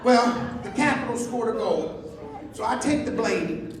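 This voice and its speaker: A man's voice: very high voice, lively intonation, measured pace, a crowd in the background. A man in his fifties performing a crude stand-up set, telling stories and acting out the dialogue himself. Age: 50s. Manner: crude storytelling, acts out dialogue. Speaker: stand-up comedian. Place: club stage with live audience. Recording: echoey hall from far off. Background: audience laughter.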